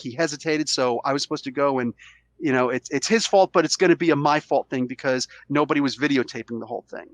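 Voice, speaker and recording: A man hosting a podcast while sick with a cold, arguing his side in a casual, animated way and acting out quotes. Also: on the high side, no echo. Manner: animated, argumentative, acts out quotes. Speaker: podcast host. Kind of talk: casual debate chat.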